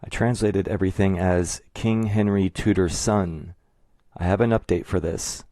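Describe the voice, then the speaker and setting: Male narrator for an explainer: deep voice, dry close-mic sound, measured and methodical. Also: steady tone, mellow, no echo. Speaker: video essayist.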